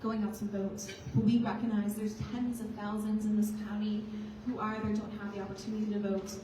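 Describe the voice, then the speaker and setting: A woman's voice: medium pitch, level tone, fairly quick, warm tone, slight background noise. A woman candidate giving an earnest, rousing campaign speech to a crowd. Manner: earnest, rousing, builds to emphatic lines. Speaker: political candidate. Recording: echoey hall, voice from far off.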